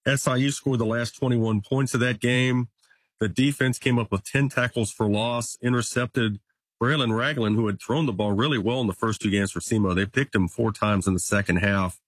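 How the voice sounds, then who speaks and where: A man's voice: medium pitch, steady tone, normal speed, husky, dry recording. A man giving a casual, stat-heavy breakdown of a college football team as a guest reporter. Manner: stat-heavy, conversational, occasional restarts. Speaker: local sports reporter guest. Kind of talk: casual sports analysis.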